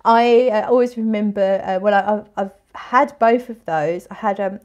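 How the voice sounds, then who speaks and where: A woman's voice: mid-range voice, darkish tone. Chatty woman hosting a livestream. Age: 40s. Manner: chatty, bubbly, with frequent restarts and laughs. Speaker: fragrance livestream host. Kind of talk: casual live-stream chat reading comments.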